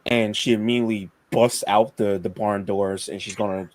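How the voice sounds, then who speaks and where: A man playing a tabletop role-playing game, casual and excitable, swearing freely. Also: fairly low pitch, normal speed. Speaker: player.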